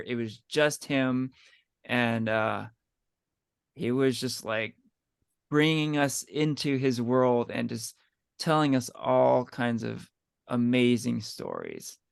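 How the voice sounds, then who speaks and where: A man's voice: medium pitch, animated, slow pace, gravelly, smooth, no echo, clean studio sound. A man co-hosting a podcast, talking eagerly in casual chat and often asking "right?". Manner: enthusiastic, chatty, often asks "right?". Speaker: podcast co-host.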